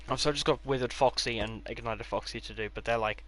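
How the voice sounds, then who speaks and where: A man's voice: mid-range voice, fast talker, a bit bright. Offhand man giving a game build tour. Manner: rambling, offhand, dry sarcastic asides. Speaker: gaming creator.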